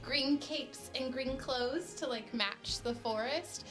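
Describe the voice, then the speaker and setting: A woman's voice: sits high, slow. Giggly woman player with music behind. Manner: casual, giggly, full of likes. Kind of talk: tabletop role-play.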